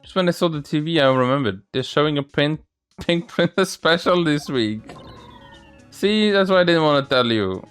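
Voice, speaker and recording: A man hosting a gaming channel let's play reads the game's characters aloud, shifting his pitch to voice several of them. He sounds expressive and fairly bright, with a clean tone at a moderate pace, and faint music plays in the background.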